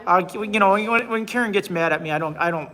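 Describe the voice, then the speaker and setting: In a rough recording, a fast-talking man in his forties runs a casual livestream, voicing viewer comments and rambling through restarts and repeated words. His high voice sounds pushed and bright.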